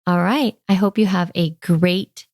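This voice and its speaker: A woman's voice: on the low side, measured pace. A middle-aged woman hosting a parenting podcast, talking in an earnest, conversational way with frequent "like" fillers. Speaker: parenting coach and podcast host. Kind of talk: casual podcast monologue.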